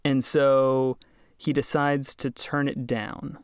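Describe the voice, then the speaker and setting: A man hosting a podcast, telling a story in casual chat, wry and quick to laugh. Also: medium pitch, flat delivery, clean tone, no echo, studio quality. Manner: chatty, wry, laughs often. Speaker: podcast host.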